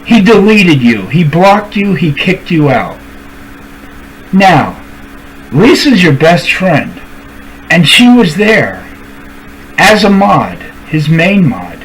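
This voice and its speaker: A man's voice: on the high side, sing-song, takes it slowly, pauses often, a bit bright, slight background noise, low-quality recording. Confrontational man ranting to camera. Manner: confrontational, addresses people directly by name; repeats himself for emphasis. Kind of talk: angry rant to camera.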